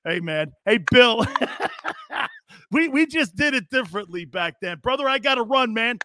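A middle-aged man hosting a sports talk show in casual chat, excitable, breaking into loud laughs and repeating himself. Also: very high-pitched, normal speed, a little hiss or hum.

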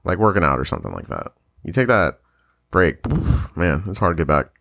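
A man's voice: low voice, huge pitch swings, a little fast, vocal fry, fairly bright tone. A man hosting a casual podcast chat, rambling with fillers and laughing often. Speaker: podcast host.

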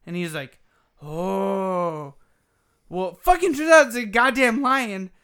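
On a gaming podcast, a male co-host with a very high-pitched, clean voice tells a long story at a moderate pace. The chat is casual and full of swearing, and he performs the quoted lines as he goes.

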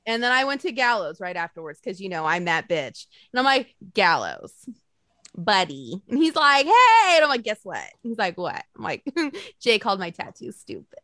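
A woman co-hosting a casual chat, telling lively stories, swearing freely and acting out quotes. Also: mid-range voice, moderate pace, few pauses, no echo, studio quality. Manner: animated storytelling, swears freely, acts out quotes. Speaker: podcast co-host.

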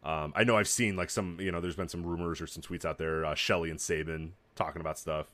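A man's voice: sits low, fairly even intonation, fast talker, fairly bright tone, no room sound. A man co-hosting a casual talk podcast, rambling loosely and swearing casually. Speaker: podcast co-host. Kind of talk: casual wrestling chat.

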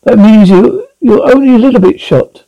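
Man voicing touchy old owl, grumbling, high gravelly voice, storybook. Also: moderate pace, mellow, muffled recording. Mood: annoyed. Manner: grumbling, fussy.

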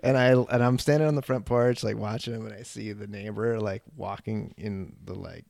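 A man with a low, gravelly voice tells a story on a podcast. He rambles in casual chat, swears freely and leans on "like" fillers. The recording is dry, with no room echo. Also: steady tone, moderate pace, a little mellow. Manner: rambling, profane, many "like" fillers. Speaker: podcast guest.

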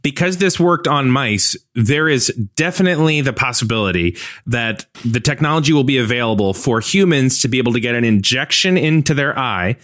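A man's voice: mid-range voice, animated, fairly quick, a bit bright, no echo. Dry-voiced rambling male co-host. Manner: rambling, self-deprecating storyteller. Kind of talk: casual morning-show banter.

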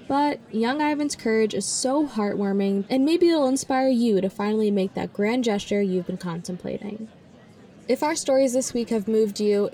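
A woman hosting a storytelling podcast, reading a measured, reflective outro. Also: a little high, dark tone. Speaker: podcast host. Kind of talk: scripted narration.

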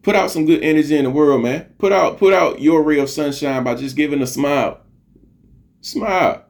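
Brisk and creaky, his voice is a little high with a darkish tone. A middle-aged man hosting a podcast, he delivers an earnest, preachy motivational speech, repeating phrases for emphasis and cursing casually.

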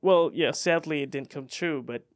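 A young man from Indonesia, a guest in a podcast studio, telling his story in a relaxed way with many fillers. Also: fairly high pitch, normal speed, no echo. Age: young adult. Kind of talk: casual interview.

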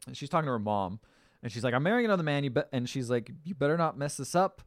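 A man's voice: medium pitch, quick pace, dry recording, clean studio sound. A man casually recapping a film on a podcast, acting out the characters' lines. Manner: acts out quoted lines with lively swings and laughs. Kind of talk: casual chat.

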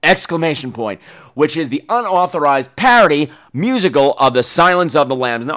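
A man with a mid-range, fairly bright voice and a New York accent hosts a comedic podcast rant. He goes off in a funny, profane way, acting out quotes in exaggerated voices.

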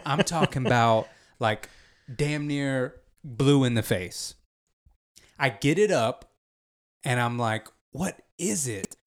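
A man's voice: mid-range voice, slow, long pauses, clean tone. A man chatting casually, telling a rambling story with slang and frequent laughter. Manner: laid-back storytelling, laughs often, slangy. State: driving while talking. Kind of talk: casual chat.

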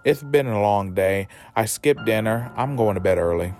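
A man's voice: on the low side, animated, normal speed, darkish tone, faint music behind, natural voice. A man voicing a sassy teenage witch girl in a campy drawl, retelling a TV show. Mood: tired.

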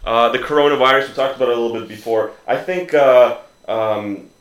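A man hosting a loose, crude podcast chat. He jokes and rambles and hesitates with fillers, and his mid-pitched voice rings in an echoey room. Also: a little fast. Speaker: podcast host. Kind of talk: casual crude banter.

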